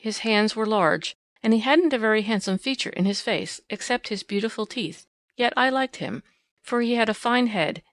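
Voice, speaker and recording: A woman narrating an audiobook in first person with a measured, expressive reading. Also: mid-range voice, no echo.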